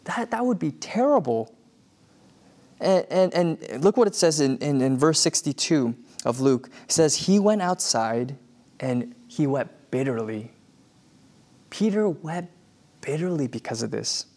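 A man's voice: a little high, animated, measured pace, a little mellow. A man preaching a sermon in a conversational way, with many fillers and restarts. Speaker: pastor.

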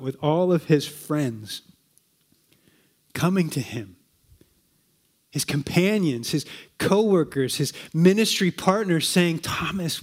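Guy preaching a sermon, kinda high voice, talks casual and asks the crowd lots of questions. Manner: conversational, with rhetorical questions and repetitions.

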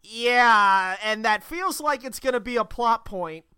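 Slow, smooth, sarcastic woman co-host. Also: on the high side, expressive, pushed and bright, no room sound, clean studio sound. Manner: sarcastic, jokey quips, swears. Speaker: podcast co-host. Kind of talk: casual chat.

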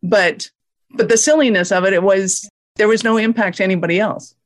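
A woman co-hosting a casual conversation who speaks candidly in a relaxed way, with slow pauses. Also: medium pitch.

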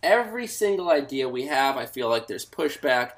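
A man's voice: mid-range voice, very animated, moderate pace. A man co-hosting an improvised comedy podcast, prompting his partner in a mock-earnest interviewer manner. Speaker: podcast co-host.

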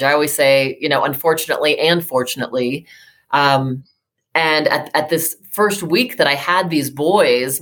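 A woman's voice: low voice, a bit bright. A woman in her fifties, a psychotherapist and life coach, telling a personal story in an interview, earnest and emotional, with many fillers and restarts. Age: 50s.

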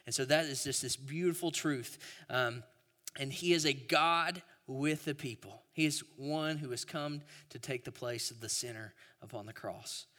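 A man, preaching a sermon in a relaxed storytelling way, with frequent restarts. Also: mid-range voice. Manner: storytelling, conversational, with repeated restarts. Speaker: pastor. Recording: hall reverb.

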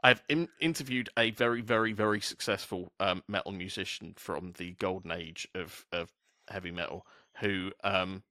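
A man's voice: low-pitched, sharp tone, no echo, clean studio sound. A man from the UK hosting a casual podcast chat, rambling through asides and swearing freely. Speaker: podcast host.

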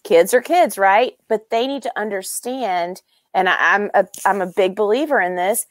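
Earnest, deliberate woman in conversation. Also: medium pitch, no echo, clean studio sound. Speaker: mother and podcast guest. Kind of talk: casual chat.

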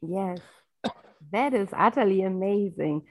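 A woman's voice: medium pitch, animated, takes it slowly, no room sound, rough recording. Lady hosting a chat, says yes a lot, upbeat, pretty dry audio. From Germany. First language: German. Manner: enthusiastic, frequent affirming yeses. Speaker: podcast host. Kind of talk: casual interview conversation.

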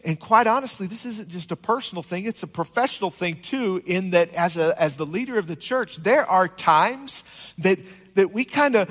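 A man's voice: high-pitched, animated, moderate pace, fairly bright tone, long reverb tail. A man preaching a conversational sermon as pastor, joking with his congregation. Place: church sanctuary.

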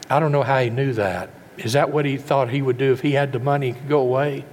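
A man preaching a sermon. His voice is mid-pitched and rings with a long reverb through a large hall, over a faint background hum. He keeps asking his listeners questions and often restarts a word mid-phrase. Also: steady tone, fast talker, hardly any pauses, a little mellow. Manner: rhetorical questions and stumbling repeats.

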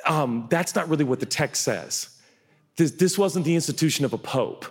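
A man preaching a sermon as a pastor, animated, acting out quotes with big leaps in pitch and loudness. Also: moderate pace, husky. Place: church hall. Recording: long reverb of a large hall.

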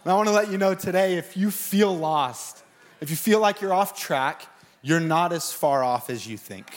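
A man with a high, light voice preaches to a live church service. He tells his stories in an animated way, leaping into shouted, panicky re-enactments before settling back into teaching. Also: moderate pace, long reverb tail. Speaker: pastor. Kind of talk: sermon.

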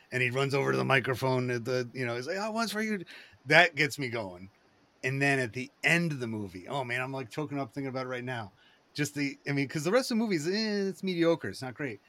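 Rambling, excitable man in casual chat. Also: mid-range voice. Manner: rambling, excitable, many fillers and restarts.

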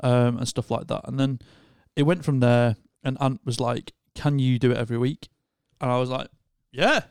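A man tells a long story in casual podcast chat, circling back and restarting his sentences as he goes. His voice sits at an ordinary middle pitch. The sound is close and completely dry, with no room echo. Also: little pitch movement, brisk, darkish tone, clear, resonant tone. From Northern England. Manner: rambling storyteller with many restarts. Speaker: podcast co-host.

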